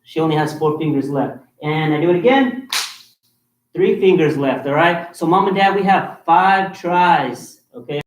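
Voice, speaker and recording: A man's voice: fairly high pitch, moderate pace. Male instructor giving commands from far off. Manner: instructive, steady commands to kids. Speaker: martial arts instructor. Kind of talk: explaining a class game. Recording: roomy sound from far off.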